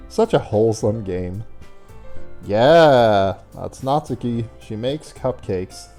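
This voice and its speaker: A man's voice: fairly low pitch, lively intonation, slow, warm tone, faint music behind. A man streaming a game, reading its narration and commenting with self-deprecating chuckles. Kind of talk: let's-play commentary and narration.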